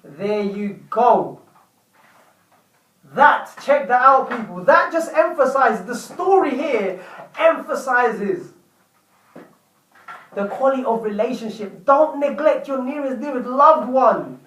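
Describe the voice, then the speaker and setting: A chatty man with a high-pitched voice tells a story to his viewers, often repeating himself. His voice sounds roomy, as if he sits a bit back from the mic. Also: animated, slow, pauses often, a bit bright, far from the mic. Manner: chatty, repeats words while telling. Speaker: vlogger telling a story. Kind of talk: casual storytelling vlog.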